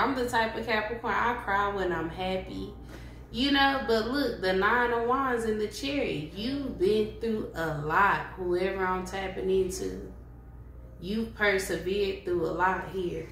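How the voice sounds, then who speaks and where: Woman reading tarot cards, slow and drawn out, roomy room with a little hiss. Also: mid-range voice, a bit bright. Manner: slow, repetitive, affirming, speaks directly to viewers. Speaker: tarot reader. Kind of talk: casual tarot reading to camera. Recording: roomy home recording with faint hiss.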